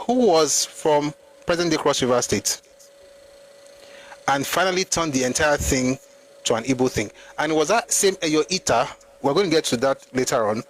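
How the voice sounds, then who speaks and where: A host with a Nigerian accent leads a live history talk, pushing his arguments through a stream of rhetorical questions. His fairly high voice is animated and moderately paced, though the audio quality is poor.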